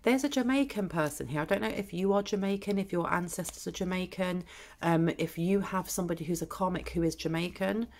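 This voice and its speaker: A woman's voice: on the low side, a little fast, darkish tone. A woman giving a collective tarot reading in a blunt, chatty way, with cheeky mild swearing. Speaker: tarot reader.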